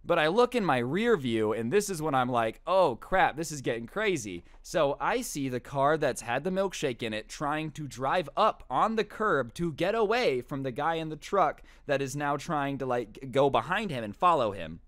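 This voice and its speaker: A young man tells a story in a loose, chatty way, throwing in slang and acting out the people in it. His voice is smooth and clear. It sounds close and dry, with no room echo. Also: a little high, moderate pace, few pauses. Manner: animated, lots of "like" and "bro", acts out quotes. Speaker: storytime YouTuber. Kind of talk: casual storytelling.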